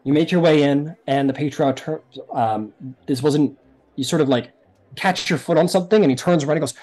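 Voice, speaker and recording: A man's voice: on the high side, expressive, normal speed. Casual, rambling man running a tabletop game. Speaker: game master.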